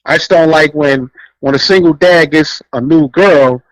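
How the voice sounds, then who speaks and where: Co-host type: high-pitched New man, animated and blunt, acts out quotes, dry close mic. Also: normal speed, no echo, poor audio. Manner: blunt, profane, laughs often. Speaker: podcast co-host. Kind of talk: casual chat, storytelling.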